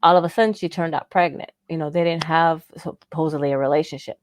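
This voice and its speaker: A woman's voice: deep voice, fairly even intonation, fast, no room sound, clean studio sound. A woman on a radio show telling a long personal story in casual chat, laughing often and acting out the voices of people she quotes. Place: living in Florida.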